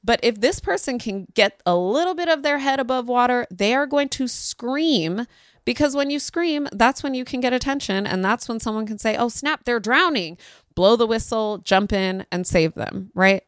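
A woman hosts a parenting talk in a casual storytelling way. Her pitch leaps high whenever she acts out what someone said. The recording is close and dry. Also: moderate pace, clean tone, dry recording. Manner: animated, acts out quoted voices with pitch jumps. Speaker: parenting podcast host.

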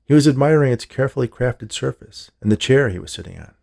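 A man narrating a horror story in a measured storytelling manner. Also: medium pitch, lively intonation, creaky, a little mellow.

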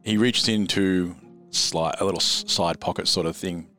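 A man's voice: low voice, steady tone, moderate pace, sharp tone, faint music behind. Playful man running a tabletop game. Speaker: game master.

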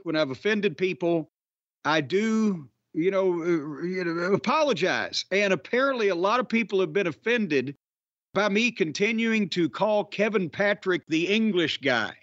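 A man's voice: high voice, fairly bright tone, dry recording. A man hosting a podcast in casual chat, sardonic, opinionated and freely profane. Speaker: podcast host. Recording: slightly dull, dry podcast audio.

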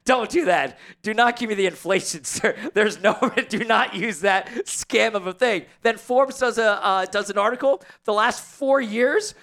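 A man's voice: high voice, normal speed, hardly any pauses, fairly bright tone. A man in casual sports talk, ranting animatedly as a guest columnist.

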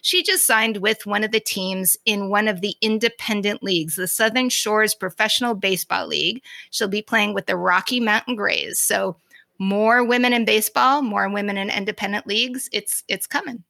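A woman co-hosts a casual baseball talk show with a gravelly, fry-laden voice. Her tone is bright and forceful, her manner earnest and informative, and the sound is dry and close. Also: mid-range voice, normal speed, no room sound. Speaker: podcast co-host. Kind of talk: casual sports chat.

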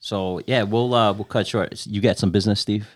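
Deep-voiced podcast host. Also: male voice, fairly even intonation, moderate pace, dry recording, studio quality. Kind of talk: casual interview chat.

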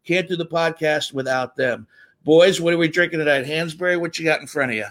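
A middle-aged man hosting a podcast, telling stories in an animated way, laughing and jumping up in pitch when excited. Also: fairly quick. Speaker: podcast host. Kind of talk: casual storytelling monologue.

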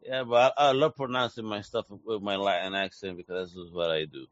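A man hosting a casual interview, talking in a slangy, excitable, hype-driven way. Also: on the low side, brisk, no echo, dull audio. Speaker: interview host.

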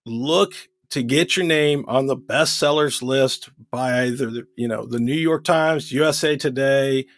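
A man's voice: medium pitch, a little slow, fairly bright tone, no room sound, clean studio sound. A man co-hosting a podcast in casual chat, laughing easily and explaining things at length. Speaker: podcast co-host.

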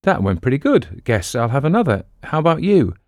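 A man's voice: mid-range voice, big pitch swings, brisk, no echo, clean studio sound, voice pushed up, close to an everyday voice. A man voicing a polite, curious young woman with a prim way of speaking.

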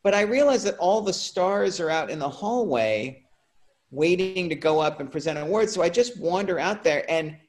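Male co-host, lightly raised pitch, lively anecdotal storyteller. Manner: animated anecdote telling, quick asides. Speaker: podcast co-host. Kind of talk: casual chat, storytelling.

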